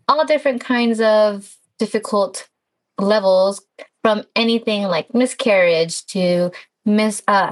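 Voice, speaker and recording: A woman's voice: medium pitch, low-quality recording. A woman co-hosting a casual podcast, friendly and encouraging with some fillers. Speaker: podcast co-host.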